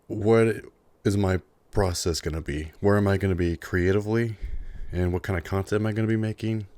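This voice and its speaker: A young man with a low, deep voice rambles earnestly in an unscripted vlog, full of "like" and restarts. He sounds a little out of breath. The recording is dry, with no room sound. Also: fairly even intonation, fairly quick, darkish tone, dry recording. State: slightly out of breath, chewing a cough drop. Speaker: YouTuber.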